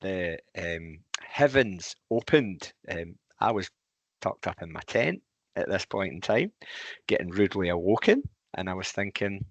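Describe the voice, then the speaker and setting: A very deep-voiced man, hosting a casual podcast. The recording is close and dry, with no room sound. He asks questions hesitantly and fills the gaps with ums. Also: very animated, normal speed, no room sound. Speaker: podcast host.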